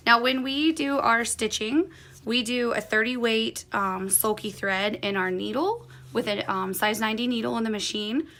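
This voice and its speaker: A woman teaching a quilting project step by step, her voice carrying a gravelly fry. She chats in an easy, encouraging way while her hands stay busy with the work. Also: fairly high pitch, normal speed, fairly bright tone. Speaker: quilting instructor. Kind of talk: hands-on sewing tutorial.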